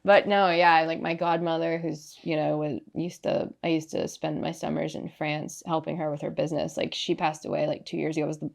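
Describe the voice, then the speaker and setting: A woman's voice: deep voice, little pitch movement, fairly quick, gravelly, hardly any pauses. A young woman from Ohio who grew up in Southern California, chatting as a podcast guest, often laughing and acting out quotes. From Ohio, raised in Southern California. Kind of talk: casual interview chat.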